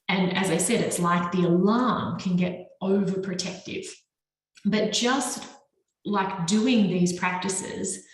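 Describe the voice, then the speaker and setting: A woman teaching a lesson on the nervous system, talking through slides with animated, varied intonation. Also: on the low side. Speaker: trauma and nervous system educator. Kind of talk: explanatory lecture with slides. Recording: very echoey room.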